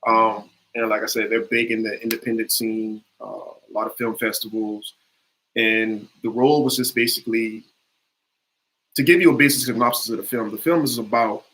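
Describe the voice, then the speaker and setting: A man's voice: lowish voice, fairly bright tone, poor audio. Earnest man telling an acting story. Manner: earnest, storytelling, many fillers and restarts. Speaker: actor, interview guest. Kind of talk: conversational interview.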